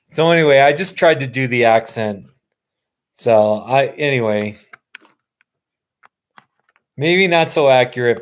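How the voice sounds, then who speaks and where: A man hosting a casual live stream, rambling and answering viewers' comments. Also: mid-range voice. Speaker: livestream host. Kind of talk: casual livestream chat.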